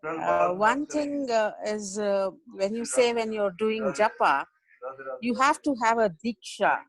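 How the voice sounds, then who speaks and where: A woman's voice: medium pitch, animated, a little slow, poor audio. Hesitant woman asking questions. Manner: hesitant, simple phrasing. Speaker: participant. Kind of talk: video call Q&A.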